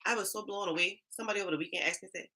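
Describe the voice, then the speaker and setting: Racing along in a medium-pitched, slightly rough voice, a middle-aged Charleston woman hosts a livestream as an HR coach. Her Southern accent is Black vernacular, Charleston Geechee. She chats casually with viewers, animated and sassy, firing back at their chat comments.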